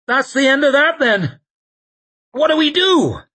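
A man voicing a tough, blunt young woman driving a runaway wagon, shouting urgently. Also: very high voice, measured pace, voice pushed up, exaggerated voice.

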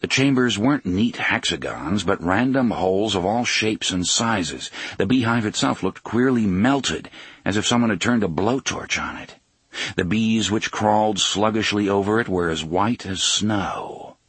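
A man narrating an audiobook in a steady, even reading voice. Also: lowish voice, measured pace, breathy edge, no echo. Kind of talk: scripted narration.

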